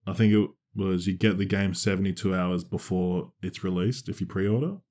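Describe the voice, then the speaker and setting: A young man co-hosting a casual podcast, chatting loosely and jumping into loud re-enactments of his stories. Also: deep voice, moderate pace. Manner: animated, shouts when acting out stories. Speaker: podcast co-host. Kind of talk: casual chat.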